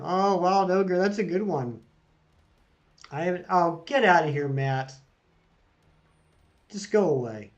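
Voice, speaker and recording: Relaxed game streamer, male, a bit higher-pitched, chatting with viewers over dull audio. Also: unhurried, pauses often. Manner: chatty, reads out chat jokes and greets viewers. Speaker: streamer reading live chat. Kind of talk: casual live-stream chat.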